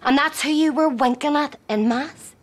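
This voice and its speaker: A woman's voice: high-pitched, normal speed, close to an everyday voice. An actress playing an exasperated, scolding middle-aged mother with a Derry accent in a sitcom. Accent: Derry, Northern Irish. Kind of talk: sitcom acting.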